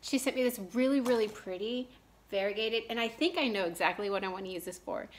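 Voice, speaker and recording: A woman in her thirties from Texas, rambling in a casual chat with lots of fillers and restarts, clearing her throat now and then from allergies. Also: fairly high pitch, fast. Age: 30s. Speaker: cross-stitch vlogger.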